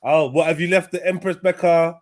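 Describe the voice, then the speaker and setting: A man's voice: fairly quick, no room sound. A young man hosting a crude, joking chat show, telling stories in a boisterous way. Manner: joking, boisterous storytelling with animated pitch swings. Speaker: show host. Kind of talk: crude casual banter.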